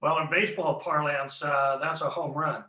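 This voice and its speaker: A man hosts an interview with a bright, fairly high voice. He asks his questions in a measured, complimentary way. His voice carries a roomy echo. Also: fairly even intonation. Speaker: interviewer, host. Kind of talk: interview hosting.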